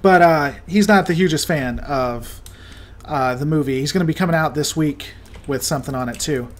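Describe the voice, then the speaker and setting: A high-pitched man talks loosely as he hosts a game stream. He reads out viewer comments and jokes around as he plays. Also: moderate pace. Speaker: livestream host. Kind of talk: casual chat while gaming.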